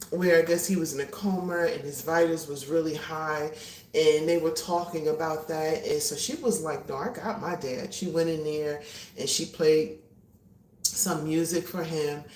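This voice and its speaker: A woman's voice: sits low, darkish tone, roomy sound, recorded from a distance, slight background noise. A woman hosting a casual livestream from her kitchen, chatting animatedly and greeting her viewers. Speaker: livestream host. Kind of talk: casual chat. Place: home kitchen.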